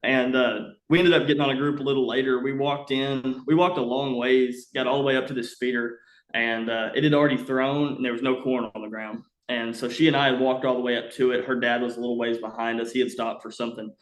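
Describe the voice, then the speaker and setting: A young man rambles through a story in a casual, animated way, with plenty of "uh" fillers. His voice sits at an ordinary pitch and rings out in a roomy, echoey space. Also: quick pace. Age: young adult. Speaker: podcast guest. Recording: roomy echo.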